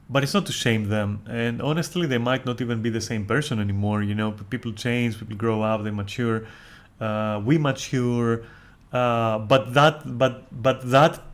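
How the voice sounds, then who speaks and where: A man streamer in casual, rambling chat, candid and profane, often restarting his sentences. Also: medium pitch.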